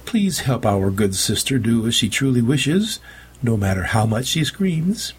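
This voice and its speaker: A man's voice: mid-range voice, very animated, unhurried, slightly rough, voice pushed up, heavily acted. A man voicing a burly male cult enforcer who speaks in a mock-prayerful tone. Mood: mock-pious. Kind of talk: audiobook character voice.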